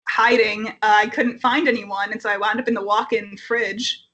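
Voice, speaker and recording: A young woman telling a personal story casually at home, animated and swearing, with plenty of fillers. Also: mid-range voice, moderate pace, dull audio.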